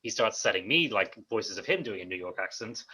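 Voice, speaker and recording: A man's voice: lowish voice, lively intonation, brisk, bright, forceful tone, husky, rough recording. An Irish man hosting a casual chat, making dry joking asides. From Ireland. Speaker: host.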